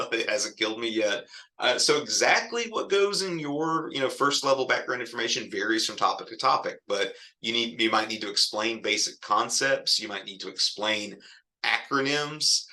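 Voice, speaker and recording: A man's voice: mid-range voice, moderate pace, pushed and bright. A man teaching a college writing class in a recorded lecture, casual and wry, with self-deprecating asides.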